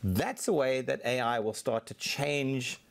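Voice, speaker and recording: A man being interviewed as a technology executive, explaining his points fluently and in a measured way. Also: mid-range voice, vocal fry. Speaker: Microsoft technology executive, guest. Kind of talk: interview answers.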